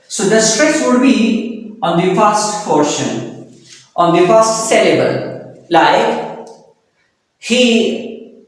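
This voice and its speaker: Slow high-voiced male lecturer in echoey room. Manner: slow, explanatory, with frequent fillers. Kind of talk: recorded lecture. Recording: very echoey long-reverb room.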